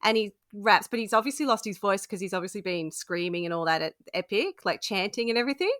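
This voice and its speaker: A woman co-hosting a podcast in casual, rambling chat, quick to laugh. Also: medium pitch, lively intonation, a bit bright. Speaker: podcast co-host.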